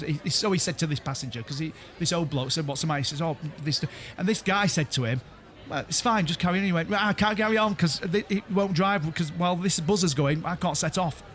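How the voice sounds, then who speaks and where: A man's voice: sits high, fairly bright tone. A man, co-hosting a casual chat among friends and telling a rambling story full of restarts and laughter. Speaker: podcast co-host.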